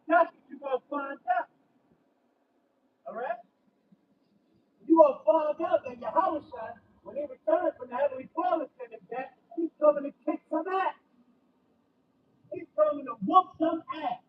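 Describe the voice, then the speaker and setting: A man preaching and reading scripture in an emphatic style, often breaking into shouts and tagging his lines with "right?" and "okay?". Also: very high voice, lively intonation, normal speed, pauses often. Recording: distant dull lo-fi mic with faint background noise.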